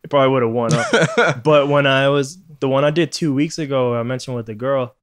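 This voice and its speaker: Brisk and clear, his medium-pitched voice has a resonant tone as this Puerto Rican podcast host launches into a profane rant. He laughs frequently throughout the casual show.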